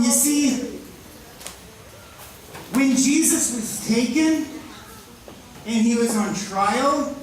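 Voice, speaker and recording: A woman telling a Bible story to campers, acting it out with sudden shouts and hushed drops. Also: sits high, slow pace, long pauses. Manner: dramatic, swings from excited shouts to hushed tones. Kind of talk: animated Bible story for children. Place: large indoor hall at a day camp. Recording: echoey hall from far off.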